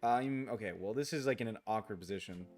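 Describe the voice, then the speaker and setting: A man's voice: on the low side, quick pace, darkish tone, faint music behind. A man streaming a game late at night in casual chat, rambling, restarting his sentences, grumbling at the game and answering viewer comments aloud.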